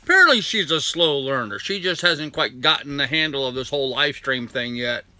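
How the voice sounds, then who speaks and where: A man's voice: mid-range voice, expressive, fairly quick, sharp tone, no room sound. An older man hosting a casual live stream from home, greeting his viewers one by one by name. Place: at home with a dog nearby. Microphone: laptop.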